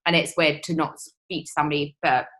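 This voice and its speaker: A woman's voice: deep voice, little pitch movement, fairly quick, a bit bright. A woman talking in a casual chat, emotional and chatty, laughing easily. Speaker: guest.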